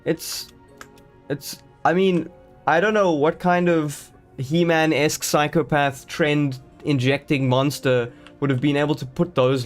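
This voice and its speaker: A man chatting live to his viewers while playing a game, rambling and joking as he goes, greeting people in chat. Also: on the high side. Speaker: streamer.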